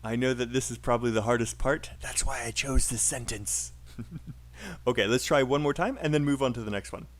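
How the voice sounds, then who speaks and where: A man's voice: medium pitch, fairly quick. A man with a British accent teaching a live online English pronunciation class, upbeat and encouraging with frequent fillers.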